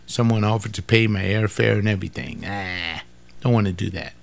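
An older pastor preaches an informal sermon in a fairly low, steady, creaky voice at a fairly quick pace. He repeats phrases for emphasis and talks straight to his listeners in an emphatic, conversational way.

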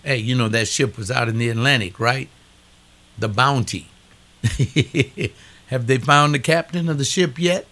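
A man's voice: medium pitch, a little slow, pushed and bright. Older man preaching with emphatic repetition. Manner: emphatic, repeats phrases, rising preaching cadence. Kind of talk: preaching monologue.

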